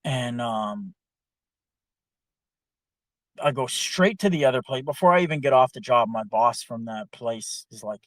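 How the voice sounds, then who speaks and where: A man's voice: mid-range voice, measured pace, pauses often, no echo. Young guy ranting a work story, swears a lot, dry close sound. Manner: profane, animated storyteller. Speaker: podcast co-host. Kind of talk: casual storytelling chat.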